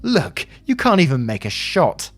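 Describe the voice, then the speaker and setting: Guy doing a mouthy bully teen boy, jeering and insulting, pretty much his normal voice, music low. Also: big pitch swings, measured pace, a bit bright, full character voice.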